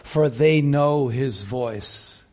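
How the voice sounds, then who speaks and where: A man preaching a sermon, impassioned, swinging between loud peaks and soft, quiet passages. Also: medium pitch, drawn-out words. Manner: impassioned, rising loud then dropping soft. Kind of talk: sermon teaching.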